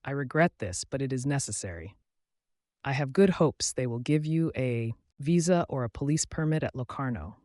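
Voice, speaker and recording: A man's voice: medium pitch, lively intonation, normal speed, a little mellow, dry recording, studio quality, natural voice. A man voicing a haughty thin male border lieutenant in an audiobook, with stiff, formal phrasing.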